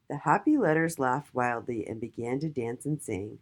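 Woman, storybook host for kids, low husky voice, lively intonation. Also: moderate pace, hardly any pauses. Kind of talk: storybook read-aloud for children.

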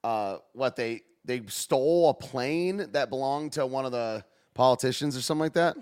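A man's voice: mid-range voice, moderate pace, darkish tone, clean tone. A man hosting a show, rambling through news clips in loose, slangy casual commentary and laughing often. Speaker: show host.

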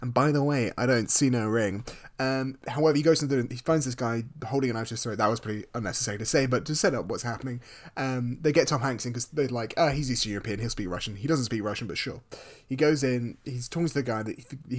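A man's voice: medium pitch, fast talker. A man co-hosting a podcast, recapping a film casually with wry, joking asides. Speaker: podcast co-host.

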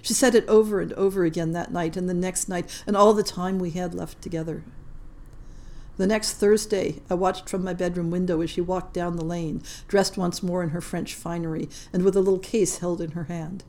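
A woman narrating a short story in a measured, gentle storytelling voice. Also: lowish voice, fairly even intonation. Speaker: podcast story reader. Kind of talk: scripted narration.

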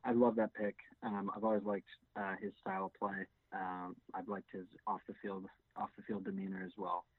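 A man's voice: fairly low pitch, fairly even intonation, moderate pace, no room sound. A man co-hosting a casual sports podcast, hesitant with many fillers and restarts. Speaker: podcast co-host. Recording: tinny phone-like sound.

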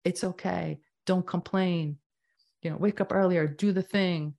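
Low-pitched lady in her fifties, a doctor on a podcast, gets fired up and talks in fast bursts. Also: vocal fry. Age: 50s. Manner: emphatic, animated, quick bursts. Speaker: doctor guest. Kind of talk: casual interview talk.

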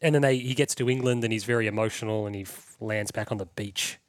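A man's voice: fairly low pitch, fast, no echo. A man hosting a podcast, chatting casually and enthusiastically about old films, swearing freely. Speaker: podcast host. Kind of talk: casual chat.

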